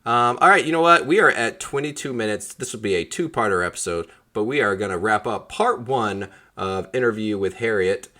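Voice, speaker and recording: Male podcast host, low-ish voice, casual and jokey, lots of ums. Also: animated, a little fast, hardly any pauses, sharp tone. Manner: rambling, joking, many fillers. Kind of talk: casual interview chat.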